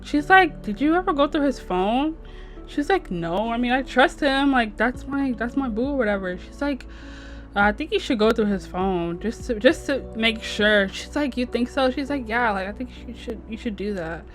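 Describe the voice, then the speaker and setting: A woman's voice: fairly high pitch, animated, moderate pace, a bit bright, soft background music. A young woman casually narrating her gameplay, voicing the characters in a slangy, chatty way with "she's like" quotes. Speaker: gameplay streamer. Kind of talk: casual let's-play narration voicing sims.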